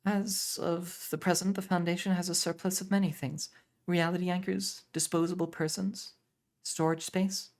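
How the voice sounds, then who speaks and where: A man voicing a stiff, formal young woman who answers in a flat, precise way. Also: high voice, moderate pace, pitched above the performer's own voice.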